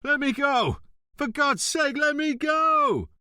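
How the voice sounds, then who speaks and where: A man's voice: mid-range voice, big pitch swings, normal speed, no room sound, studio quality, close to an everyday voice. A man reading an audiobook, voicing a cunning, hot-tempered police inspector who talks in a biting, theatrical way. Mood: shouting.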